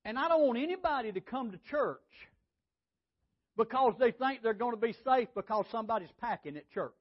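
A man's voice: extremely high pitch, lively intonation, fairly quick. A man preaching a sermon, folksy and conversational, often repeating his words. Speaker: pastor. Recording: dull lo-fi sound.

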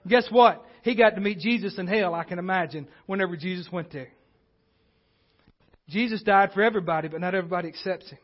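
A man's voice: sits high, fast. A man preaching a sermon as pastor, earnest and building in intensity as he presses his points. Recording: dull lo-fi livestream audio.

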